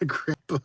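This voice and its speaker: A garage door repair business owner chats casually with viewers on a livestream. He laughs often and throws in frequent exclamations, and his tone is fairly bright.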